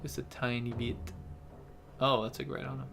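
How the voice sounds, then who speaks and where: A man's voice: medium pitch, level tone, moderate pace, creaky, a bit bright, faint music behind. A man watching a friend play a video game, chatting casually, giving tips and laughing often. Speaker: co-host watching gameplay. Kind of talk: casual gameplay chat.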